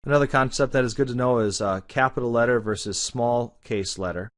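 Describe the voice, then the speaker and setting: A man teaching a lesson, explaining in a relaxed, conversational way. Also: mid-range voice, fairly quick. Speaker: Spanish teacher.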